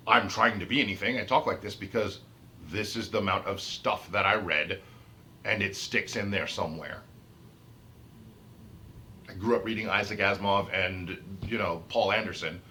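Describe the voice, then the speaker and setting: Low-pitched yet pushed and bright, the man's voice carries a faint hiss or hum. He's an autistic vlogger in an unscripted rant to camera about his autism, heated and emphatic, circling back to repeat and restart his phrases.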